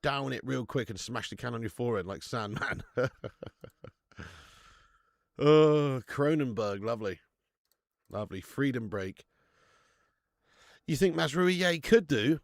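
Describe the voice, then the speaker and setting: Male stream host, mid-pitched, jokey and bantering, responding to chat, recorded close on a dry mic. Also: measured pace, creaky, pauses often, no room sound. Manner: jokey, banter-filled, reads out chat comments. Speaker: host of a football watch-along stream. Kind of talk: casual live watch-along chat.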